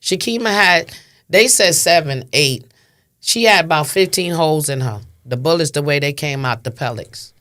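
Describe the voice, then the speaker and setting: A woman's voice: low voice, normal speed, a bit bright. A woman in her fifties from Brooklyn with a New York accent, speaking with impassioned, emphatic testimony in an interview and repeating phrases for stress. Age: 50s. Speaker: interview guest.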